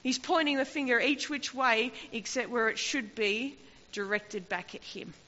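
A woman delivers an impassioned sermon, her bright, fairly high voice rising and falling with emphasis. The sound is dull and lo-fi, with a long reverb trailing through a large hall. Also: normal speed. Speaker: preacher.

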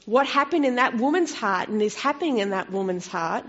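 A woman preaching a sermon in a conversational way, turning expressive when she quotes scripture. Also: fairly high pitch, fairly quick. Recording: dull lo-fi recording.

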